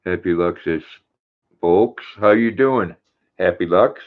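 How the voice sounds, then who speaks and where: Older man, deep voice, tinny phone sound. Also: slow. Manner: folksy, warm with his dog, chatty. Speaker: livestream host. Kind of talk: reading viewer chat aloud on a livestream.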